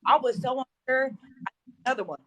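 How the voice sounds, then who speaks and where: A woman's voice: sits high, quick pace, a bit bright, slightly rough, no echo, poor audio. A young woman guest telling a personal story in an emotional, conversational way.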